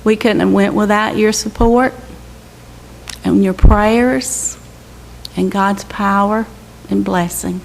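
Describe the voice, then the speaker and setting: A woman's voice: mid-range voice, fairly even intonation, slow, creaky, long pauses. An older woman giving an earnest, exhorting church testimony about a mission trip. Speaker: mission team member reporting to her church. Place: church sanctuary. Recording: echoey church hall with faint hiss.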